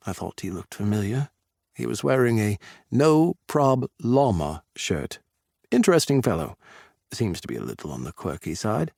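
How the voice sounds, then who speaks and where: A man narrating a romance audiobook in the first person with an expressive reading. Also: on the low side, normal speed, no room sound, studio quality.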